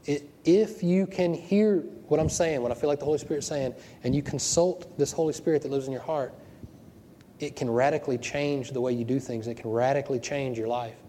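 A man's voice: medium pitch, fairly quick, dark tone, slight background noise. A man preaching a sermon as pastor, talking conversationally, asking the room rhetorical questions and often repeating his words as he goes. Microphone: wearing a microphone. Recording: long hall reverb.

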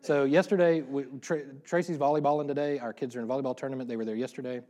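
A middle-aged pastor preaching a casual sermon, talking quickly with joking asides about himself. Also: male voice, mid-range voice, steady tone, a little mellow, slight background noise. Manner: fast-talking, self-deprecating, joking asides.

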